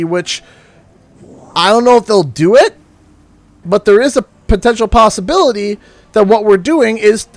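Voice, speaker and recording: Recorded dry, a high-voiced Canadian man talks casually to his livestream audience while playing a video game. His complaints come out sing-song and playfully overdone.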